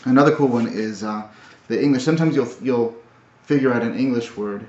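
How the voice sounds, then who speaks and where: A man recapping his language studies in a casual video, talking in a halting, thoughtful way with many fillers and restarts. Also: mid-range voice, darkish tone. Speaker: language learner. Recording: roomy, dull lo-fi audio.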